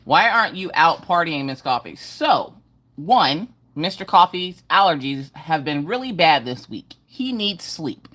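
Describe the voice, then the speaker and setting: A woman's voice: sits low, sing-song, unhurried, a bit bright. Upbeat woman greeting livestream viewers. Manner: upbeat, sing-song greetings. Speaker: livestream host. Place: home.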